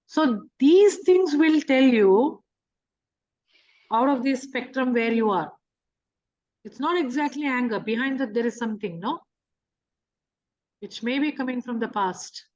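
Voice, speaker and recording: A woman's voice: fairly high pitch, animated, measured pace, long pauses, a little mellow. A woman giving a spiritual teaching talk on emotions, explaining with rhetorical questions and everyday examples. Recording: dull lo-fi recording.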